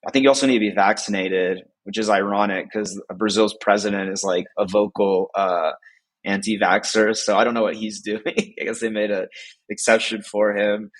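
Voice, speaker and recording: A man's voice: fairly low pitch, fairly even intonation, normal speed. A man from the United States chatting casually as a podcast guest, rambling with lots of fillers and frequent laughs.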